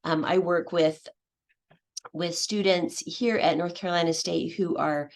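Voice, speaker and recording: Low gravelly woman giving a talk. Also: steady tone, measured pace. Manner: hesitant, many fillers and restarts. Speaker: English language teacher. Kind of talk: conference presentation.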